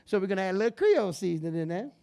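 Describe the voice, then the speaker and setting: A man's voice: sits high, big pitch swings, very fast, vocal fry, mellow, clean tone, dull audio. A man hosting a cooking demonstration, upbeat and chatty, calling his audience "guys" and "baby". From New Orleans area, Louisiana. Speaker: chef hosting a cooking show.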